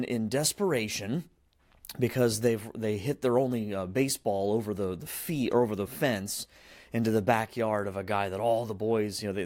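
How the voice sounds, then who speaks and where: A man's voice: on the low side, darkish tone, no echo. A man hosting a podcast, retelling a film plot in a rambling, casual way full of fillers and restarts. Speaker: podcast host.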